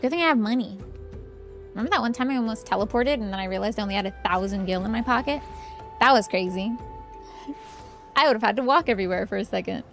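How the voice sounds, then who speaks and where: A woman's voice: medium pitch, fast, long pauses, fairly bright tone, faint music behind. A young woman streamer giving casual, chatty commentary while playing a game, with giggly asides.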